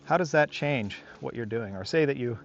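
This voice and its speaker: A man's voice: medium pitch, expressive, moderate pace, muffled recording, a little hiss or hum. A man working as a dog trainer, talking casually to the camera on an outdoor walk, rambling and reflective with many fillers.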